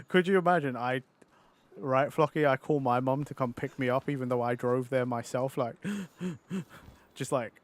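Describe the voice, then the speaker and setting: A man's voice: medium pitch, fairly even intonation, normal speed. A man, chatting casually on a game stream, rambling and self-mocking with frequent swearing and laughter. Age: 30s. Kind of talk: casual live-stream chat.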